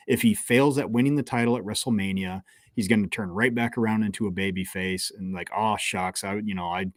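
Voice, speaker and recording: Podcast dude thinking out loud, curious, kinda self-deprecating, dry close sound. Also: male voice, mid-range voice, no room sound. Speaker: podcast co-host. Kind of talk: casual podcast chat.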